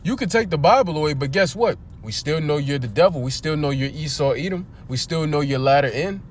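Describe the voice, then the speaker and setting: Man, livestream preacher, fervent, blunt, swearing, rhetorical questions, higher voice, faint background noise. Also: expressive, brisk. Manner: fervent and blunt, swears, reads scripture aloud; asks listeners rhetorical questions. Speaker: preacher streaming a scripture teaching. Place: near a street.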